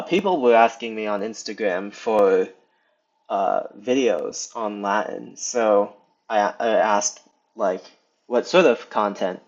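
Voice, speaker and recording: Young man, casual tutorial, slow and halting, lots of ums, slightly muffled lo-fi audio. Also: fairly low pitch. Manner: hesitant, many ums and restarts. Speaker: video tutor. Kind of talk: casual screen lesson. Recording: slightly dull lo-fi sound.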